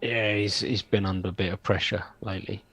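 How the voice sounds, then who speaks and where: A man playing in a tabletop role-playing game, speaking in a hesitant, low-key way. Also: level tone, brisk, a bit bright, husky, no room sound. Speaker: player. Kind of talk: casual tabletop play.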